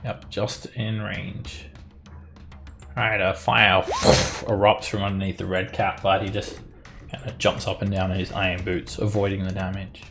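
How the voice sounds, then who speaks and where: A man narrating as dungeon master of a tabletop game, describing the action in a lively way with chuckles. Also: sits low, unhurried, creaky, music in the background.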